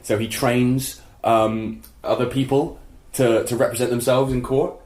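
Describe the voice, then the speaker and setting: A man's voice: medium pitch, little pitch movement, a little mellow. Chatty man in an echoey room. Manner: chatty, laughs often, quick asides. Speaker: podcast co-host. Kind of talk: casual chat.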